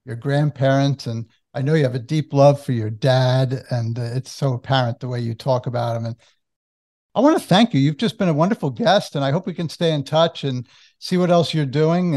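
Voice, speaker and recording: A male host interviewing a guest with a gravelly, creaky voice at a middle pitch. He is gentle and appreciative as he thanks her.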